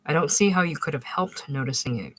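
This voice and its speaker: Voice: medium pitch, expressive, fairly quick, no room sound, lightly acted. A reader voicing a proud, touchy husband recovering from illness, speaking with stiff dignity and defensive explanations in an audiobook. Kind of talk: audiobook reading.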